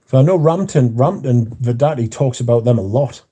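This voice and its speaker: Mellow-voiced man chatting casually. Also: mid-range voice, animated, fairly quick, husky. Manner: rambling, repeats words, plain-spoken. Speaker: livestream host. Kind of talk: casual chat, reading out viewer comments.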